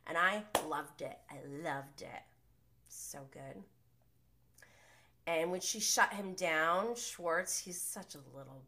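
Female podcast host with a crisp, forceful tone, gossiping and opinionated through a casual TV recap. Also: deep voice, slow pace. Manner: gossipy, opinionated, swears freely.

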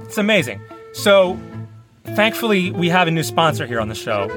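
A man's voice: on the high side, very animated, moderate pace, over music. A man co-hosting a casual comedy podcast, playful and jokey. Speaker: podcast co-host.

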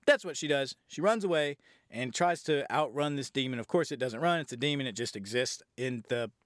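A man's voice: mid-range voice, animated, a little fast, fairly bright tone, no echo, studio quality. A man casually recapping and reviewing a horror film on his podcast, rambling and swearing freely. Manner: rambling, profane, conversational.

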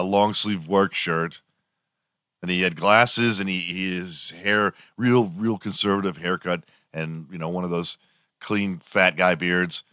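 A man's voice: low-pitched, pushed and bright, no echo, studio quality. A man hosting a morning show, rambling through a crude, sarcastic comedic monologue.

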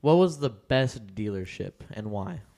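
A man's voice: fairly low pitch, lively intonation, a little slow, dark tone. Playful male podcast host. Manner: playful, teasing questions. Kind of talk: casual interview.

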